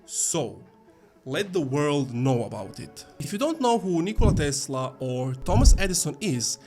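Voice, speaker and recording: A man's voice: on the high side, big pitch swings, unhurried, music in the background. A man hosting a comedic marketing video, joking and acting out game-show bits. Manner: playful, jokey, acts out game-show bits. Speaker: host.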